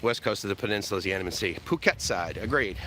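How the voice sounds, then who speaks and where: Walking by the sea on a live vlog, an American man speaks rapid-fire in a fairly low, animated, slightly bright voice, with a little hiss or hum in the audio. He holds his camera out on a selfie stick and rambles, jokes and chuckles often with viewers.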